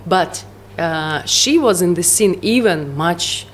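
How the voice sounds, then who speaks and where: A woman's voice: lowish voice, animated. Russian accented woman, interview guest, keeps tripping over english words and laughing, slight hiss behind. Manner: halting, searching for English words, laughs often. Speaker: psytrance producer, guest. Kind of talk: casual interview chat.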